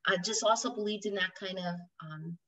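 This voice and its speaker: A woman's voice: medium pitch, normal speed, a bit bright, far from the mic, rough recording. Gushing woman podcast host. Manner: gushing, enthusiastic. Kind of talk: podcast hosting.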